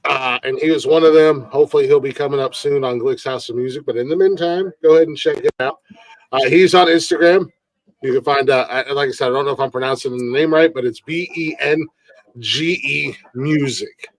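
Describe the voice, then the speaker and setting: A man's voice: medium pitch, fairly quick, no room sound, low-quality recording. A man hosting a casual comedy news stream. He swears freely and rambles with lots of fillers. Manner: profane, rambling with many fillers. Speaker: podcast host. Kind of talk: casual livestream chat. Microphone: desk mic on a live stream.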